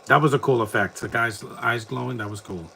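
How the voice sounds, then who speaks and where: Male host, casual watch-along commentary, bright forceful voice, opinionated and rambling, faint noise behind. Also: medium pitch, brisk, gravelly, low-quality recording.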